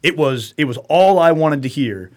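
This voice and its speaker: A man's voice: on the high side, animated, normal speed, darkish tone. A middle-aged man hosting a casual podcast chat, blunt and profane, often slipping into quoted voices of other people. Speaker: podcast host.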